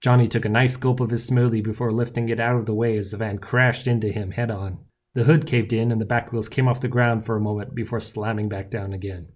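A man narrating a novel in the first person with wry, lively storytelling. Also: on the low side, a little fast. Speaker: audiobook narrator.

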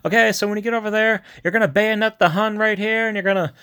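A man's voice: sits high, steady tone, fast, sharp tone, clean tone, pitched above the performer's own voice. A man voicing a gung-ho male army commander who gives a bloodthirsty pep talk in a raised, exaggerated voice. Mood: fired up.

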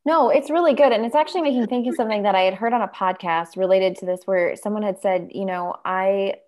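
A woman's voice: medium pitch, quick pace, darkish tone. A young woman co-hosting a casual podcast, telling a personal story in a chatty, rambling way. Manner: chatty, rambling, lots of fillers. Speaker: podcast co-host.

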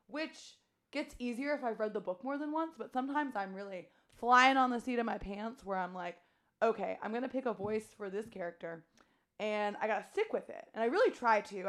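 A young adult woman, a teacher co-hosting a podcast, chatting casually and acting out quoted thoughts as she talks. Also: medium pitch. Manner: animated, talks through her thoughts with quoted asides. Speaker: podcast co-host, classroom teacher. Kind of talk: casual chat.

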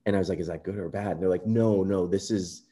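A man being interviewed, telling a personal story in an earnest, animated way and acting out quoted remarks. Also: deep voice, quick pace. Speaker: composer guest.

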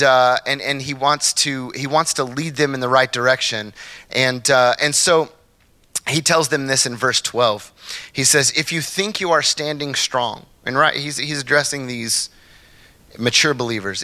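A man's voice: medium pitch, normal speed. A man preaching a casual, conversational sermon as pastor, often checking in with his listeners and acting out the people in his stories. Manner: animated storytelling, acts out quotes; frequent tag questions like "right?" and "okay?". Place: church.

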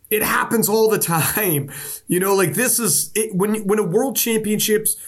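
Animated, husky-voiced man telling stories. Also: sits high. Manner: animated storytelling with profanity and voiced quotes. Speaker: podcast co-host. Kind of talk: casual sports podcast chat.

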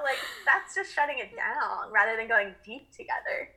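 Woman, bright clear tone, earnest, reflective, fillers, casual spiritual chat. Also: medium pitch, moderate pace, few pauses, low-quality recording.

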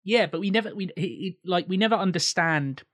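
Man, film podcast co-host, casual chat, rambling, restarts, slightly high pitch. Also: a little fast, a bit bright. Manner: rambling, thinks aloud with restarts and swearing.

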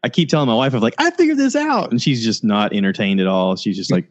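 This man hosts his podcast via video call with a laptop or USB mic and headphones, so the sound is lo-fi. He talks at a quick clip, wandering casually and animatedly, and acts out quotes in a high voice.

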